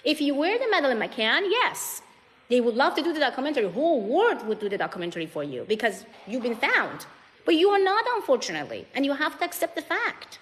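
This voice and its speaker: A woman's voice: sits high, very animated. Emphatic woman on a live stream, echoey. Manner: emphatic, repetitive, fast-shifting emphasis. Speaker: guest answering questions. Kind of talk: emotional live-stream account. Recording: long reverb, faint noise.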